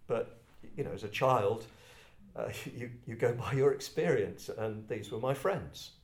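Reflective older English man, gravelly. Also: mid-range voice. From England, Kent. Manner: reflective, halting, self-deprecating. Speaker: speaker addressing a group. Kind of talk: personal storytelling talk. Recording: roomy echo.

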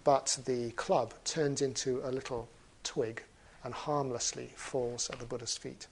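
A man retelling an old fable in a talk, animated, with wry humorous asides. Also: medium pitch, a little slow, vocal fry, slightly rough. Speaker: storyteller. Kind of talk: storytelling talk.

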